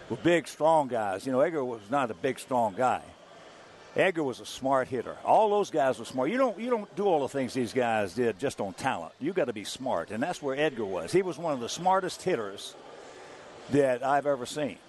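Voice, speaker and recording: An older man, a former ballplayer, telling stories as an interview guest in an animated, chuckling way. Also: mid-range voice, moderate pace, slight background noise. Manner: animated storyteller, chuckling through anecdotes. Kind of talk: anecdotal interview storytelling.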